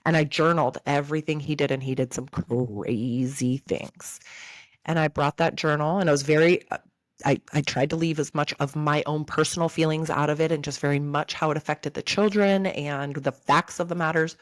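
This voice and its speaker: A woman's voice: sits low, steady tone, normal speed, no room sound. A woman in her thirties hosting a podcast, telling a personal story earnestly and speaking directly to her listeners. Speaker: podcast host. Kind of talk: candid podcast chat.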